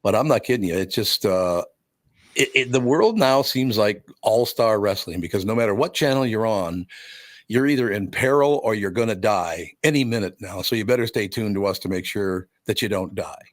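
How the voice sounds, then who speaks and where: A man's voice: on the low side, moderate pace, dry recording, clean studio sound. An older man hosting a radio talk show, telling wry stories with frequent chuckles. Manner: storytelling, wry, chuckles often. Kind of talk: casual chat.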